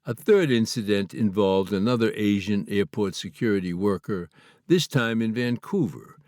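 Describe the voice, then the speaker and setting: A man from Canada reading his own memoir aloud in a measured, earnest, slightly formal way. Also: lowish voice, darkish tone, no echo, clean studio sound. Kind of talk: memoir audiobook narration.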